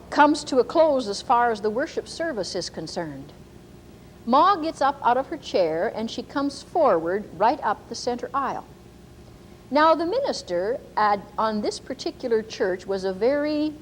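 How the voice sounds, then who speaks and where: A woman's voice: a little high, a little hiss or hum, rough recording. A woman preacher telling a story in a folksy, earnest sermon. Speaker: preacher and teacher.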